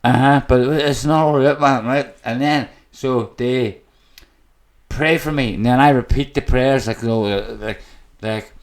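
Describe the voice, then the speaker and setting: A man's voice: mid-range voice, fairly even intonation, measured pace. An Irish man telling his own story as a podcast guest, raw and emotional and swearing constantly. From Ireland. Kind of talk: candid personal storytelling. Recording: echoey room.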